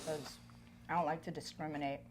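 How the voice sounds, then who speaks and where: A woman hosting a casual food chat, chatty and quick to laugh. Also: low-pitched, noisy background. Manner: chatty, giggly, animated asides. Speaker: host.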